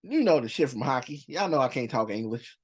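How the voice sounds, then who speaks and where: A young man at a middle pitch riffs through his countdown in loose slang. He circles back on his points and leans on fillers as he talks to his viewers. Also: a little fast, slightly rough. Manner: animated, slangy, rambling with many fillers. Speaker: movie reaction channel host. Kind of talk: casual list commentary.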